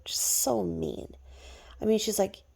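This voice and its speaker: A woman's voice: mid-range voice, takes it slowly, gravelly, mellow, breathy edge. A woman ranting in a gossipy vlog, mocking someone and dropping to whispered asides. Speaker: vlogger.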